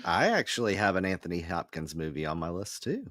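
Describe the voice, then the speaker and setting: A man co-hosting a casual podcast chat, explaining things in a measured way. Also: low voice, big pitch swings, a bit bright, dry recording. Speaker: podcast co-host.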